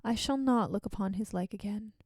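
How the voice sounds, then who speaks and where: A woman's voice: medium pitch, brisk, a little mellow, dry recording, lightly acted. A woman who is sick, reading the lines of a brooding, grieving young prince with light drama.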